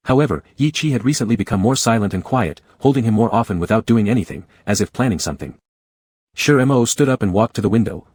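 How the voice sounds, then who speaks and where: A man narrates a romance comic story in a steady, even read. His voice is low and husky. The recording is close and dry. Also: no echo.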